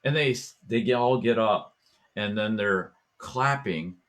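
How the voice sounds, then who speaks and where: Low-voiced man telling an animated story. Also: unhurried. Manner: animated, acts out voices and chants in his story. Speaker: podcast host. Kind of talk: storytelling in casual talk.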